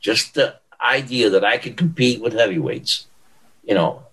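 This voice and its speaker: A man's voice: mid-range voice, moderate pace, slightly rough, poor audio. A man, a former bodybuilder, telling stories in an interview and acting out what people said. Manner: animated storyteller acting out quotes. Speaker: guest, former pro bodybuilder. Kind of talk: storytelling interview.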